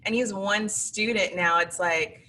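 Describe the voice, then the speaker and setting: A woman's voice: medium pitch, unhurried, sharp tone. A woman teacher, a guest on an interview show, telling classroom stories in a chatty way and acting out her students. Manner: chatty anecdotal, acts out students. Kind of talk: interview storytelling. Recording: distant mic with faint background noise.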